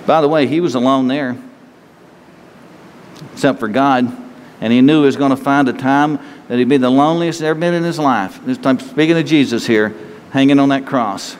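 A pastor preaching a sermon in a conversational way, full of rhetorical questions. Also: male voice, mid-range voice, moderate pace. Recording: long reverb hall, faint noise.

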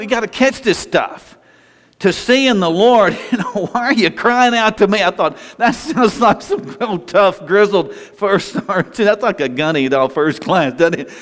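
Animated preacher man in a reverberant hall. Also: high voice. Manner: animated, conversational preaching with frequent restarts and asides. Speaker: pastor. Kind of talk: sermon. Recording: long reverb of a large hall.

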